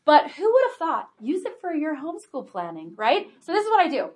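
A woman's voice: high voice, huge pitch swings, brisk, darkish tone. A woman in her forties giving a workshop talk to an audience on homeschooling, chatty and full of "like", "right?" and "okay?". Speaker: homeschool presenter.

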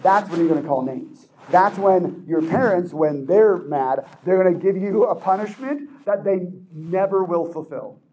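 A man with a high, soft-edged voice speaks to a young audience in an animated motivational talk. He jumps into quoted voices and laughs often as he explains. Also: a little slow, hardly any pauses, a little hiss or hum, rough recording. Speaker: speaker addressing teens.

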